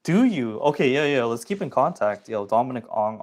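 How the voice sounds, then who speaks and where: A young man talks loosely to his livestream chat at an everyday middle pitch. He is slangy and chatty, reading comments aloud straight into his phone. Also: big pitch swings, moderate pace, darkish tone. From Toronto area, Canada. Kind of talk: casual livestream chat with viewers.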